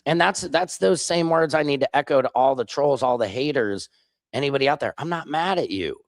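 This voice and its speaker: A man's voice: mid-range voice, animated, a little fast, no echo, clean studio sound. A man in his forties from Missouri, hosting a casual live stream and trading sarcastic banter with viewers in chat. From Missouri, USA. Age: 40s.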